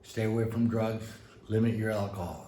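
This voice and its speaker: Mellow-voiced man teaching piano, roomy sound. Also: lowish voice, moderate pace, slight background noise. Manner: relaxed, encouraging, folksy asides. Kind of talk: casual instructional talk at the piano. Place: room with a piano.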